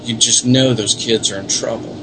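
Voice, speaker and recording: A man's voice: mid-range voice, fairly even intonation, normal speed, background noise. A man, a paranormal investigator, telling earnest, rambling stories in a casual interview. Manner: earnest, rambling storyteller with many restarts.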